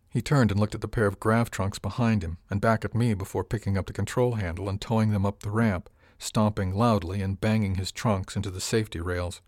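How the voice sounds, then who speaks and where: Low-voiced male audiobook narrator. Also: steady tone, brisk, hardly any pauses, a little mellow, no room sound, clean studio sound. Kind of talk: first-person audiobook narration.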